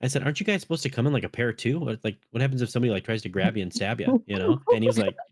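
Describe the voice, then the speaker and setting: A man's voice: medium pitch, very animated, very fast, darkish tone, no room sound, studio quality. A man hosting a podcast, telling rambling stories with lots of swearing in casual chat. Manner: rambling storytelling, swears often. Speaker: podcast host.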